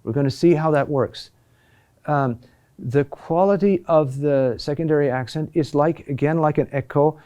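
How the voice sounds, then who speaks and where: A middle-aged man teaching a recorded lesson, speaking in a halting way with many fillers and restarts. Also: fairly high pitch, dark tone, clear, resonant tone. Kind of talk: recorded lesson on Latin chant accentuation.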